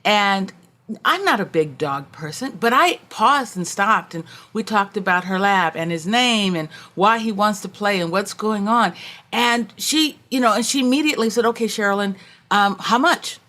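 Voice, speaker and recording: Animated woman guest telling stories. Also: medium pitch, normal speed. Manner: storytelling, acts out quoted voices, warm and animated. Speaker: guest, executive coach. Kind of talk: conversational interview.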